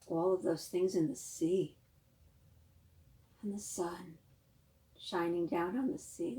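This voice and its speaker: A woman librarian leading a children's storytime, reading a picture book aloud with animated questions to the young listeners. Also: fairly low pitch, takes it slowly, pauses often, slight background noise. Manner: animated, questions to the children, gasps and sing-song.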